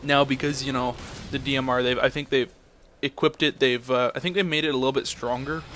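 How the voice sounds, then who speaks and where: This young man's voice is mid-range and fairly bright, moving a little fast with fairly even intonation. As a gameplay commentator, he tells a story and then reacts to his footage in a profane, blunt rant, and there's a faint hiss or hum.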